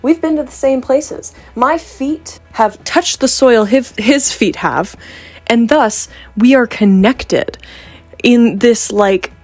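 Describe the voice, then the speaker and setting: A woman's voice: a little high, slow, a little mellow, soft background music. A young woman from Canada, a vlogger chatting playfully to camera with joking asides. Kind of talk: casual chat to camera.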